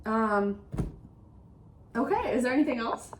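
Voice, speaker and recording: Animated woman ranting about a book, roomy echo. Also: on the high side, a little slow, background noise. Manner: animated, exasperated ranting with frequent "like". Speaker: book podcast co-host. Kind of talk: casual book discussion.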